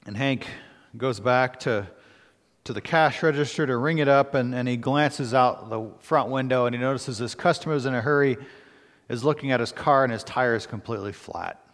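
A pastor preaches a sermon, reading scripture before telling a story in an earnest, halting way full of pauses and restarts. His voice is a little high, and the sound carries a big-room quality.

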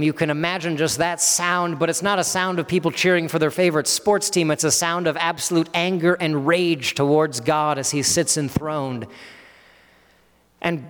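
A man in his thirties preaches an earnest teaching sermon, his voice sitting a little high for a man. He breaks the text into parts and gives the quoted speakers a voice of their own. A long reverb trails behind him, as in a large hall.

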